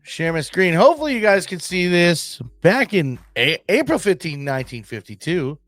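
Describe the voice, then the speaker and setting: An excitable male podcast host chatting casually and swearing freely. His voice sits fairly high and jumps around a lot in pitch. The sound is dry and close, with soft music underneath. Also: moderate pace, no room sound. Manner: excitable, profane, slangy. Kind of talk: casual solo podcast chat. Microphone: desk mic, screen-sharing.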